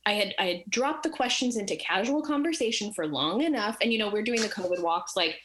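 A woman with a medium-pitched voice talks briskly over slight background noise. She tells a personal story in casual chat, animated and acting out the voices of the people involved.

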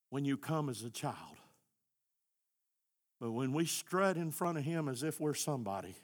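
A middle-aged man, preaching a sermon as pastor, rising to shouts at the high points. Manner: impassioned, shouting at peaks.

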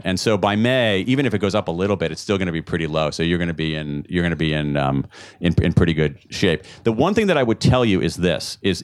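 A low-voiced man answers questions from a live audience as an author. He is lively and jokey, and he keeps restarting sentences and repeating words while he thinks. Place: event room with a live audience.

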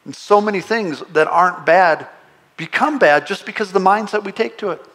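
Man preaching with a raised, lively pitch. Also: a little fast. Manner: conversational preaching with playful asides; emphatic, rising on exclamations. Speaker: pastor. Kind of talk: sermon.

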